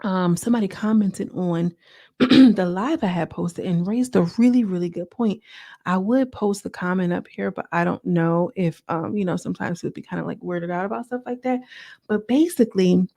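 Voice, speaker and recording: Woman reality-show reviewer, chatty and direct with viewers, low pitch with a raspy fry. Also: normal speed, dark tone, no echo, clean studio sound. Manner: chatty, talks straight to viewers, acts out quotes. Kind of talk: casual recap commentary.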